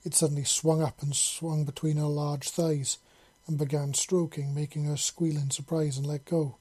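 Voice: medium pitch, flat delivery, normal speed, warm tone, breathy edge. A narrator reading fan fiction aloud, unpolished, with slips and self-corrections.

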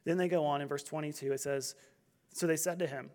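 Pastor type, man, high voice, chatty sermon with light humor. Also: steady tone, fairly quick, darkish tone. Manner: conversational storytelling with humor.

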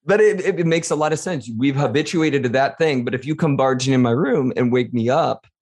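Man, podcast host, casual chat, relaxed, conversational. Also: mid-range voice, fairly quick. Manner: relaxed and conversational, reads out listener questions.

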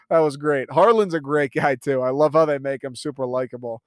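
A young man talks through a movie in a loose, rambling monologue, swearing freely and laughing as he retells scenes. His voice sits a little high and comes across smooth and clear. The sound is dry and close, with no room echo. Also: moderate pace. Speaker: youtuber reviewing a movie. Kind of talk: casual movie review monologue.

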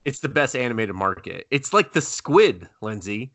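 Animated man recapping anime, swearing freely. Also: medium pitch, moderate pace, dry recording. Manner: animated, swearing, acts out quotes in exaggerated voices. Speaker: podcast co-host. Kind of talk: casual chat recapping anime.

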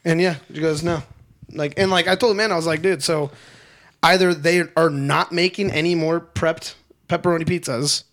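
A young man, fairly high-voiced for a guy, tells his story with a lot of energy. He acts out every line of dialogue and swears freely, and his pitch jumps all over as he gets worked up. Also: fairly even intonation, moderate pace, fairly bright tone. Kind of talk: casual chat.

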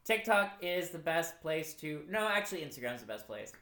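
A man's voice: on the high side, big pitch swings, normal speed, sharp tone, echoey room. A man co-hosting a podcast, chatting casually with playful, joking banter. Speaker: podcast co-host.

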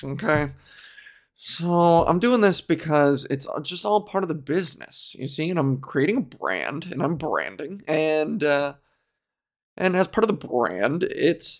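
A man comedian hosts his own podcast alone, rambling and giggling as he improvises. His voice sits a little high for a man. He talks in a loose, casual, off-the-cuff way. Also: creaky. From Ontario, Canada. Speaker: podcast host. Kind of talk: casual solo podcast chat.

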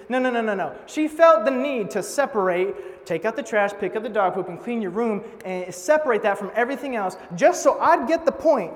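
A man's voice: very high voice, normal speed, hardly any pauses. A young man preaching a sermon in a casual, joking way, telling stories and teasing out a passage. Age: young adult. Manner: casual, joking, animated storytelling. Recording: long hall reverb.

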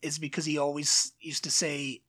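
A man's voice: fairly high pitch, normal speed. A man co-hosting a podcast, chatting casually and rambling a little. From Britain. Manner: relaxed, rambling, drops into mimicked voices. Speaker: podcast co-host. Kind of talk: casual chat.

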